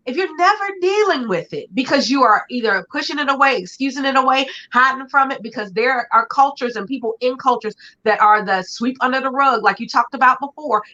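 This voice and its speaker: A woman's voice: fairly high pitch, bright, forceful tone. A woman hosting a conversational talk show, chatting expressively with vivid everyday images and playful asides. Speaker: podcast host. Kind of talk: casual conversational chat. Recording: dull lo-fi sound.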